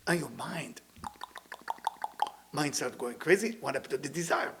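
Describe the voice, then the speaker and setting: A man giving a spiritual lecture as a Kabbalah teacher, speaking non-native English with broken grammar. He acts out the people he quotes and sometimes drops to a hush. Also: on the high side, expressive, normal speed, vocal fry, husky.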